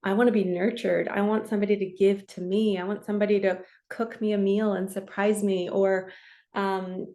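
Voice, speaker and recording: A woman's voice: mid-range voice, flat delivery, moderate pace, mellow. A woman in her forties, a spiritual coach and reader, talking casually to camera in an earnest, chatty way that is broken up by frequent laughs. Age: 40s. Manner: chatty and earnest, laughs often, slips into quoted voices.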